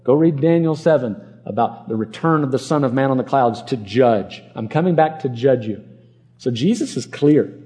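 A man's voice: medium pitch, lively intonation, moderate pace, dark tone. A man preaching an expository sermon, earnest and emphatic, repeating words for stress. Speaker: pastor.

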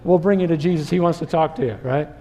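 A man delivers a sermon, lively and engaging, throwing questions at the listeners. His voice sits slightly high with a warm, mellow tone. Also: fast talker. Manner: animated, acts out crowd voices and rhetorical questions. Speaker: pastor.

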